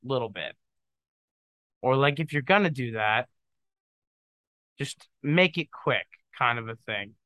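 Podcast dude rambling solo, jokey, trails off a lot, clean bright voice, dry sound. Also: male voice, mid-range voice, animated, slow pace, long pauses, no room sound, lo-fi sound. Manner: trails off into mumbling asides. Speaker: podcast host. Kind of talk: casual solo monologue.

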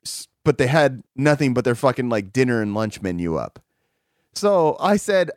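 A man's voice: mid-range voice, animated, normal speed, a little mellow, no room sound. A young man co-hosting a podcast, telling rambling stories in casual chat, swearing often, with a close microphone. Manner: profane, rambling storytelling with laughs.

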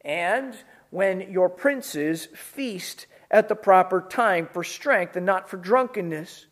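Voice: mid-range voice, animated, takes it slowly. A pastor preaching a sermon in an earnest, emphatic, conversational way.

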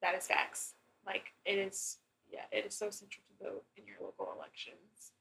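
A woman's voice: mid-range voice, flat delivery, normal speed, creaky, a bit bright, a little hiss or hum, rough recording. A young woman co-hosting a casual chat, blunt and exasperated, with lots of "like" and restarts. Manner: blunt, exasperated, heavy filler use. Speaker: co-host.

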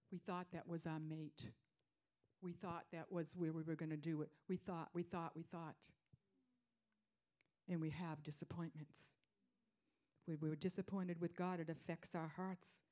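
A woman preaching a sermon, repeating her phrases for emphasis and dropping into hushed whispers before rising to loud declarations. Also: low voice, fairly even intonation, moderate pace.

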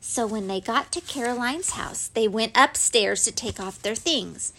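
A woman gently reading a children's story aloud, unhurried and expressive. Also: fairly high pitch.

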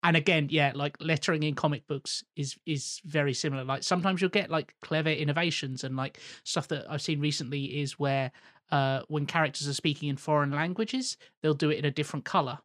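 A man's voice: fairly high pitch, fairly even intonation, a little fast, fairly bright tone, dry recording, studio quality. A man, an actor, chatting on a podcast and explaining his views thoughtfully with comparisons. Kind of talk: casual podcast chat.

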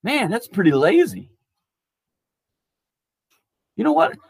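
A man voicing a demanding wealthy master in a retold parable, emphatic and loud in praise and rebuke. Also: high voice, big pitch swings, takes it slowly, creaky, husky, voice pushed up, heavily acted. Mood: scolding. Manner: emphatic, praising loudly then scolding.

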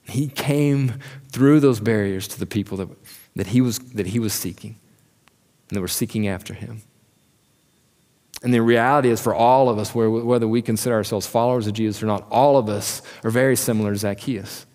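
Earnest pastor preaching in a reverberant hall. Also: male voice, fairly low pitch, fairly quick, darkish tone. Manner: earnest, asks the congregation direct questions. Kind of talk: sermon. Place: church hall. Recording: church sermon with long hall reverb.

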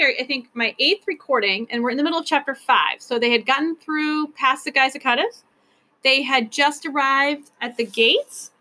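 Bright-voiced teacher reading aloud to children. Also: female voice, high voice. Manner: warm, chatty asides to children. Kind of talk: read-aloud storytelling.

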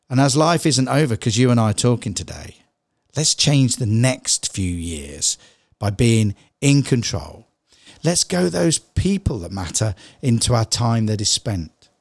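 A middle-aged man giving a heartfelt motivational talk, earnest and pleading, dropping soft and low then rising with emphasis. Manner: earnest, pleading, swings between soft low lines and raised emphatic ones. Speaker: motivational speaker.

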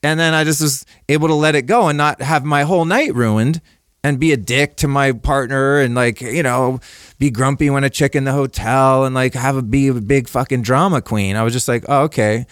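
A man's voice: mid-range voice, steady tone, normal speed, fairly bright tone, clean tone, no room sound, studio quality. A man speaking as a podcast guest, telling personal stories in a candid, laid-back way and swearing freely. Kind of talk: casual conversational storytelling.

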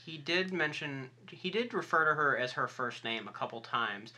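A woman with a low, husky voice chatting on a podcast about a movie. She lays out her thoughts methodically, point by point, with a somewhat bright tone. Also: expressive, normal speed. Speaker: podcast co-host. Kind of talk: casual movie review chat.

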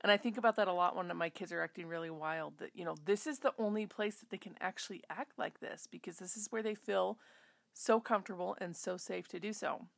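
Woman, 30s, host; low, gravelly, close and dry; chatty and reflective. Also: fairly quick, no room sound. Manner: chatty, self-interrupting, reflective. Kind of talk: casual chat.

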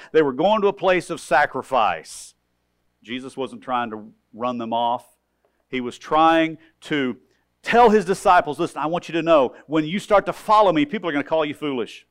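A man preaching a sermon as pastor, animated, acting out voices and swinging between loud calls and hushed lines. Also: fairly high pitch, normal speed.

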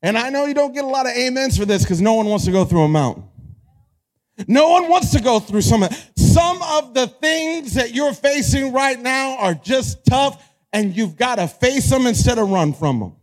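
A young pastor preaching with a high, bright voice for a man. He talks animated and lively, rising into shouted peaks and acting out little quoted voices. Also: normal speed. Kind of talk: energetic sermon.

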